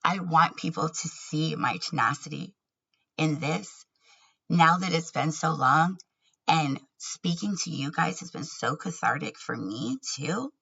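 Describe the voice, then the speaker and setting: A woman's voice: low-pitched, measured pace, creaky, fairly bright tone, husky, dull audio. A woman talking candidly in a personal vlog, earnest and laughing often between words. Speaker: vlogger.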